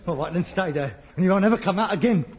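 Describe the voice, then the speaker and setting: An actor playing a touchy, irritable grown son who snaps into rants, in a dull, lo-fi old radio sitcom recording. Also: male voice, high-pitched, very animated, brisk, noisy background. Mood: raging. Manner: irritable, snapping, flares into rants. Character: frustrated middle-aged London son, irritable and touchy. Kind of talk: 1960s radio sitcom acting.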